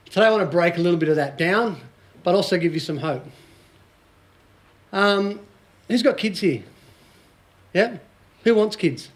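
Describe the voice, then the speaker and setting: Australian man, 40s, motivational speaker, high voice, jokey storyteller, laughs a lot. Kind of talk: live talk to a small audience.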